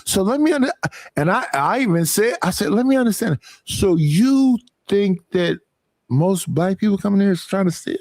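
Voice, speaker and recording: A man's voice: high-pitched, normal speed, no echo. Profane storytelling man, dry close sound. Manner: profane, animated storytelling with acted quotes. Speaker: podcast host. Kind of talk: casual storytelling.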